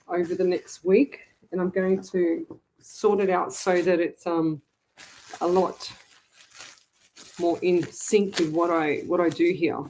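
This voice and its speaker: A woman's voice: fairly low pitch, darkish tone, slight background noise, poor audio. Gushing woman chatting on a home livestream. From Australia. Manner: gushing, chatty, many restarts. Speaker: psychic medium, livestream host. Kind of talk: casual livestream chat. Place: home office. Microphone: webcam.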